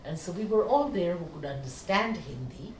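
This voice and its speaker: Animated woman, echoey room. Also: fairly low pitch, normal speed. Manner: animated, frequent "you know" fillers. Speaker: meditation teacher. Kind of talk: spiritual storytelling talk. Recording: echoey room, distant mic, faint hiss.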